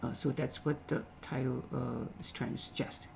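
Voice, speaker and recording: Gravelly man explaining a poem. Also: mid-range voice, level tone, darkish tone, a little hiss or hum, rough recording. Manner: repeats phrases, frequent "okay?" checks, halting restarts. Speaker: literature teacher.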